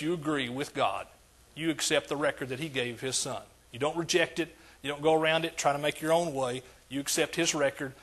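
Husky-voiced older male pastor preaching. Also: on the high side, fairly bright tone. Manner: emphatic, repetitive preaching cadence. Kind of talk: sermon.

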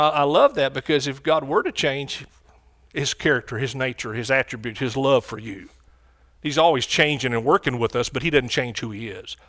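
A man's voice: medium pitch, a bit bright. A man preaching a sermon with fervent energy, calling out to his congregation for responses.

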